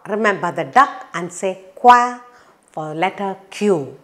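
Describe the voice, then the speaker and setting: Teaching phonics to young kids, a woman speaks in an animated, fairly bright mid-range voice. Every word comes out slow and clear, delivered in a playful sing-song with sound effects.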